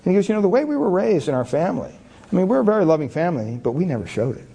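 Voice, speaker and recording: A man's voice: high voice, very animated, racing, creaky, warm tone, breathy edge. A middle-aged man preaching a sermon, telling candid, self-deprecating stories about himself with many casual fillers. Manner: chatty, many fillers like "you know". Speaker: pastor.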